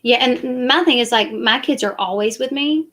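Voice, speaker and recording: A woman's voice: on the high side, normal speed, fairly bright tone. A woman, chatting casually and defensively to her live stream viewers. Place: parked car at night.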